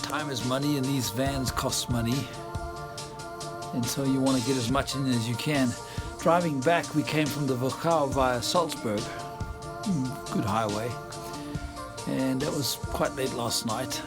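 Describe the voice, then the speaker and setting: A man's voice: mid-range voice, measured pace, loud music behind the voice. Chatty man telling a story. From South Africa. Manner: chatty storyteller, laughs often. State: tired. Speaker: vlogger. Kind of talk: casual vlog chat. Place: outdoors, garden and yard.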